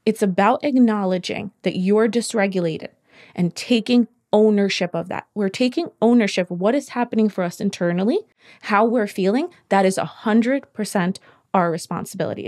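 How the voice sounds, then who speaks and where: A woman guest on a podcast explaining her coaching approach, steady and emphatic, repeating her key points to drive them home. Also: mid-range voice. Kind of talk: explaining in conversation.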